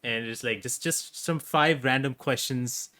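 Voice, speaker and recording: A man's voice: medium pitch, unhurried, sharp tone. A male interview host with a mid-range voice who feels his way into each question, stopping and restarting as he goes. He sounds casual and friendly. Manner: hesitant, full of fillers and restarts.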